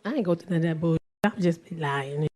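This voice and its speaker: A woman's voice: sits low, fast. Brash New York woman comic. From South Bronx, New York. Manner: brash, profane, loud bursts and mock voices. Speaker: stand-up comedian. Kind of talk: stand-up set.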